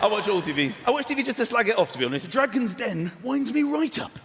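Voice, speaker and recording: A man's voice: high voice, big pitch swings, quick pace, creaky, big-room sound, heavy background noise. A man doing wry, sarcastic stand-up comedy in a theatre. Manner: wry, sarcastic, puts on posh mocking voices. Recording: live theatre with loud crowd.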